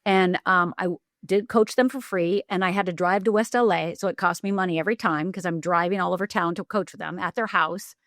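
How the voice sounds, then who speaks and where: A middle-aged woman telling a personal story in an animated way, acting out the voices she quotes, with quick bursts and restarts. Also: lowish voice, no room sound, studio quality. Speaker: podcast guest, life coach.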